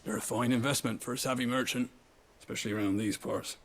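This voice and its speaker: A man's voice: medium pitch, fairly even intonation, quick pace, lightly acted. An actor voicing a chatty, shrewd male stable master in a game, easygoing and knowing. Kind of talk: game dialogue.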